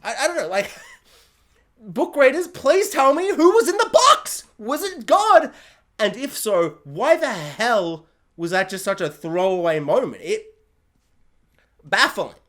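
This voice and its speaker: A man casually ranting through a review of a show, jokey and animated, acting out scenes in silly voices. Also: very high voice, measured pace. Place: hot room at home.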